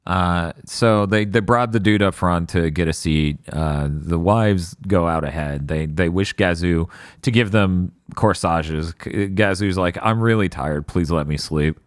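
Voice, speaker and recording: A man's voice: sits low, a little slow, clear, resonant tone, dry recording, clean studio sound. Sardonic man recapping a cartoon. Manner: sardonic, acts out characters' lines while recapping. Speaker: podcast co-host recapping an episode. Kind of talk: casual podcast chat.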